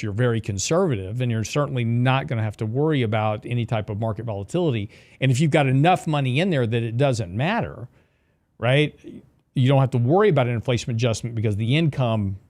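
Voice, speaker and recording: A man hosting a finance talk show, explaining portfolio allocation in a steady, explanatory way while dealing with hiccups. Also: mid-range voice. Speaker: show host.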